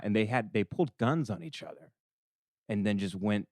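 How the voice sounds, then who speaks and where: A young man, a podcast producer, telling stories in a halting, hesitant way with restarts. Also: lowish voice, no echo. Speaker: producer and co-host. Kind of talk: casual storytelling.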